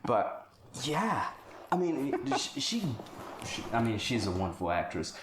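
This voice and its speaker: A man's voice: mid-range voice, wildly swooping pitch, unhurried, very noisy. A man co-hosting a casual film podcast, rambling and exclamatory, swearing freely. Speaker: podcast co-host. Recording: roomy echo.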